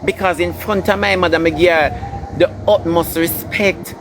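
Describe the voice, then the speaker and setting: Jamaican guy going off, scolding and preachy, kinda high voice, loud traffic noise behind him. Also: fairly even intonation, moderate pace. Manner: scolding, preachy, emphatic repetition. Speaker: entertainer ranting online. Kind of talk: ranting commentary.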